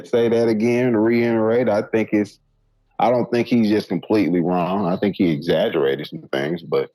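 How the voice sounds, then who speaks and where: A man's voice: fairly low pitch, mellow, no room sound, low-quality recording. A man co-hosting a podcast in casual chat, laid-back and mostly giving short agreeing replies. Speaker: podcast co-host.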